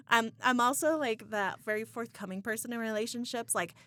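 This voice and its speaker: A young woman co-hosting a casual podcast chat, animated, laughing often and saying "like" a lot. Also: a little high, normal speed, no room sound. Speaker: podcast co-host.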